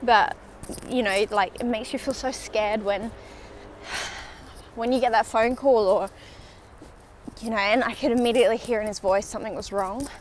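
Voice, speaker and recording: A young woman records a walking vlog on her handheld phone along a city riverside, rambling and chatting with occasional whispered asides. Her pitch is fairly high and her intonation fairly even at a moderate pace, with a touch of hiss or hum.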